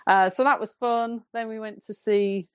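A woman with a Northern English accent, a podcast guest telling a rambling, relaxed story in casual chat. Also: on the high side, normal speed. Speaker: podcast guest, football fan.

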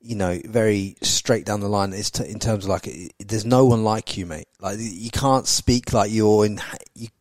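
A man's voice: fairly low pitch, fairly even intonation, normal speed, few pauses, no echo. A man from the UK hosting a podcast interview, enthusiastic and encouraging, often repeating his words as he builds up a point. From United Kingdom. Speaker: podcast host.

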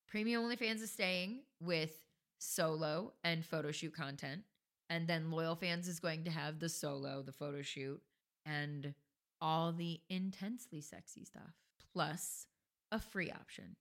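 A woman's voice: low voice, measured pace, fairly bright tone. A woman co-hosting a podcast in casual chat, blunt and chatty, swearing casually. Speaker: podcast co-host.

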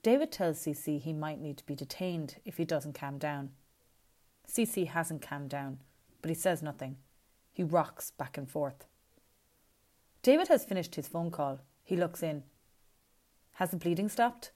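A woman reading a story as scripted narration, in a measured, even way. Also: deep voice. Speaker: audiobook reader.

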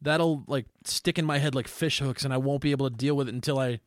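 A man's voice: mid-range voice, fairly even intonation, quick pace, no echo, clean studio sound. A young man co-hosting a casual podcast, blunt and opinionated with a self-mocking streak. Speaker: band member and podcast co-host. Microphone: studio microphone.

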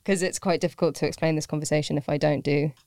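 A woman chatting easily as a podcast guest, rambling and self-deprecating and laughing often. Her voice sits low with a gravelly fry, and the sound is dry and close. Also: steady tone, quick pace, mellow, no room sound. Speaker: guest, pottery teacher. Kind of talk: casual podcast chat.

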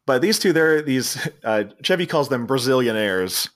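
A man's voice: mid-range voice, expressive, moderate pace. Rambling man with a Philly accent. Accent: Philadelphia. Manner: rambling, laughing storyteller with many restarts. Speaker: podcast co-host. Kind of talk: casual movie recap chat.

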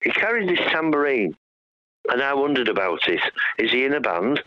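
A man's voice: mid-range voice, big pitch swings, moderate pace, dull audio. A male musician guest telling rambling, joking stories in a casual radio chat. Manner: rambling, joking, with many restarts.

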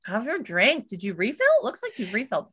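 A woman's voice: medium pitch, big pitch swings, fast talker, fairly bright tone, breathy edge. A middle-aged woman co-hosting a casual chat, recapping events bluntly and acting out quoted dialogue. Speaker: podcast co-host.

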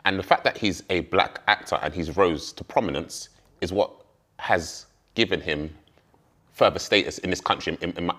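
A man with a deep, low voice argues insistently at a dinner table, hammering his point home. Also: normal speed, a bit bright. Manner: emphatic, insistent. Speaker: dinner guest. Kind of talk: casual discussion.

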